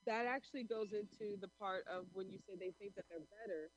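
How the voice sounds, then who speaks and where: A woman co-hosting a casual talk show, speaking emphatically with halting restarts. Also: medium pitch, no echo, highs cut off. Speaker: podcast co-host. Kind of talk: casual chat.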